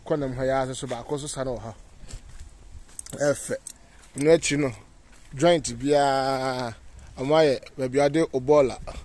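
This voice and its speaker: A man's voice: medium pitch, fairly even intonation, normal speed, long pauses, a little mellow. A Ghanaian man giving a casual outdoor walking tour as a vlogger, pointing things out as he walks. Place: outdoors on city streets.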